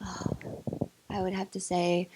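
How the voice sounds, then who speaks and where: A young woman from North Carolina talks in a casual interview with a faint Southern accent. She is bubbly and quick to giggle, and her answers are full of likes and ums. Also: on the low side, completely flat delivery, mellow, slight background noise. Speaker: actress, interview guest.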